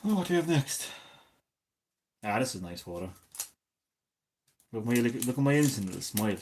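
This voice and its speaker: A man in his thirties, chatting casually and swearing a lot as a gaming streamer, drifting between loud remarks and mumbled asides. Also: medium pitch, big pitch swings, a little fast, slight background noise. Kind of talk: casual rambling commentary.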